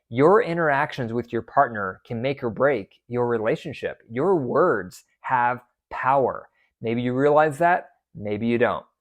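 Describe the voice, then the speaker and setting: Male psychologist host, emphatic coaching monologue, medium pitch. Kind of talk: podcast monologue giving marriage advice.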